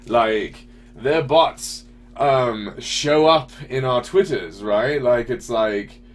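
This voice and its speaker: A male podcast host with a mid-range voice talks extremely slowly on a casual talk show about politics. He rants, swearing and throwing out rhetorical questions.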